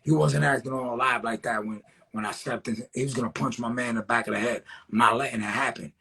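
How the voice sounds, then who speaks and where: This graffiti writer talks fast in a mid-range voice that's steady, creaky, bright, forceful and slightly rough. During a casual interview he spins street stories in a loose, streetwise, profane manner, repeatedly saying "you know what I'm saying."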